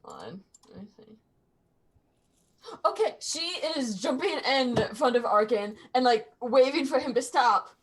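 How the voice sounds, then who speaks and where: A woman playing a tabletop game who talks in an animated, profane, laughing way. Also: fairly high pitch, unhurried, slightly rough. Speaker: player.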